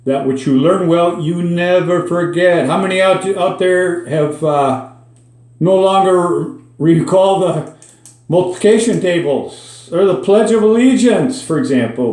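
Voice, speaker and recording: Recorded in an echoey room, a Minnesota-accented man hosts a casual lesson on a daily Spanish word, chatty and folksy with dry side remarks. His voice is high and expressive, with a darkish tone and an unhurried pace.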